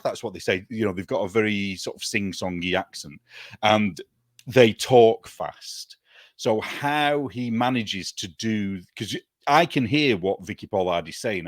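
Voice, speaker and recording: A British man chatting as a guest, an animated storyteller who laughs often. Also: lowish voice, dry recording, studio quality. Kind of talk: casual chat.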